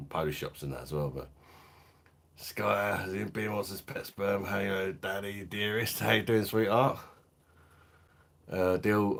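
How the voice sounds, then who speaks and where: Reading out the chat on his home live stream, a middle-aged beer reviewer chats casually, swears and laughs a lot. His deep voice has a fairly bright tone and is slightly rough.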